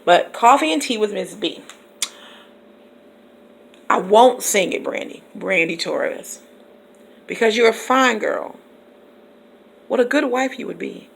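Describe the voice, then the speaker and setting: A woman teacher talks straight to her subscribers in a relaxed vlog. She is chatty, laughs easily between thoughts, and calls out her viewers by name as she goes. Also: medium pitch, slow pace, creaky, pauses often, husky. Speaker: teacher and YouTube vlogger. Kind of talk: casual vlog chat to subscribers.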